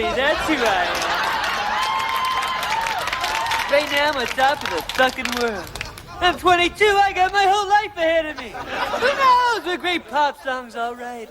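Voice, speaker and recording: A man playing an arrogant, abusive young rock star who swaggers and shouts insults, in a sketch comedy. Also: very high-pitched, heavy background noise, heavily acted. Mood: boastful. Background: audience laughter.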